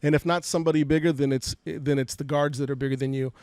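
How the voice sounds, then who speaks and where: This podcast guest, a Fresno, California man in his forties, speaks a little high and quickly, with fairly even intonation and a darkish, clear, resonant tone. He candidly tells emotional stories from his life, often repeating words along the way. There's no echo on the podcast studio mic in this personal storytelling interview.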